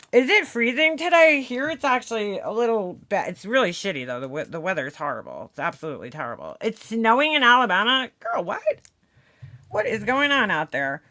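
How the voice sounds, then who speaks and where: A woman's voice: medium pitch, a bit bright. Chatty young woman live streaming. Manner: chatty, swears casually, greets chat by name. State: out of breath. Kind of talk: casual live stream chat.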